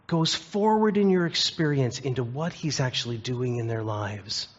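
A man preaching in an earnest, storytelling way, leaning into key phrases by slowing down. His voice sits at a middle pitch with a husky edge. The recording sounds a little dull and lo-fi. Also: lively intonation. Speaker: pastor. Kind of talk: sermon.

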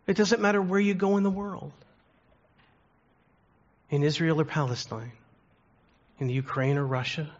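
A man preaching a sermon, telling stories and asking the congregation earnest questions. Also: fairly high pitch. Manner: earnest storytelling with rhetorical questions. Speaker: pastor. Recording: dull lo-fi recording.

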